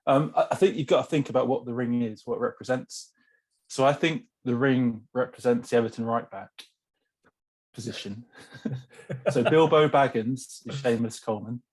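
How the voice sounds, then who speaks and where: Husky-voiced man laying out a theory. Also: mid-range voice, normal speed, a little mellow. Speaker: podcast panelist. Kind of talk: casual chat.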